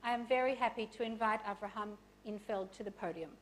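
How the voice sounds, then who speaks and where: A woman's voice: a little high, fast, a little hiss or hum, low-quality recording. A woman hosting an event, reading a formal, earnest introduction of the guest speaker.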